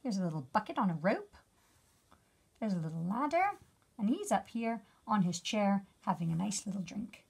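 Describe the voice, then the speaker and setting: Woman, teacher, reading a picture book aloud, gentle questions, breathy voice, lively sing-song pitch. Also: moderate pace. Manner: gentle, asks the listener questions.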